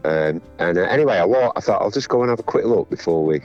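Very deep-voiced Northern English man. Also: animated, fast, darkish tone. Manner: rambling anecdotal storytelling with many fillers. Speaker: musician guest. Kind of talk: casual chat. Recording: dull lo-fi sound, faint music.

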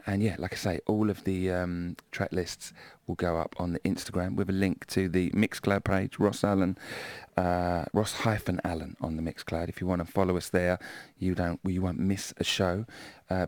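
A man with a South London accent, back-announcing records on a music radio show in a relaxed, self-deprecating way. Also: low-pitched, dry recording. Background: faint music.

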